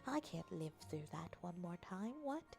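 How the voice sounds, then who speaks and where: A woman's voice: lowish voice, very animated, unhurried, gravelly. A woman streamer in casual, rambling chat, teasing and joking as she reads comments aloud. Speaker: VTuber streamer. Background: faint background music.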